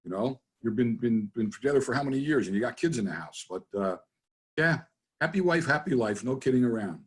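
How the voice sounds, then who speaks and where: Fast-talking husky man on a video call. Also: medium pitch, expressive. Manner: rambling, jokey, with many restarts. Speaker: guest, business trainer. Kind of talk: casual storytelling in a webinar interview.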